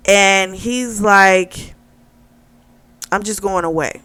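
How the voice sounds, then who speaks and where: This book club vlogger walks through a novel's plot conversationally, quoting the characters and using many fillers. She speaks slowly at medium pitch, pausing often, with a smooth, slightly bright voice on a dry recording.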